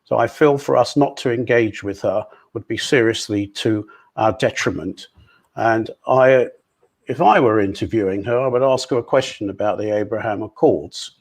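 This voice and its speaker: A man giving a measured, formal answer as a candidate at a community election hustings. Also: on the low side, darkish tone.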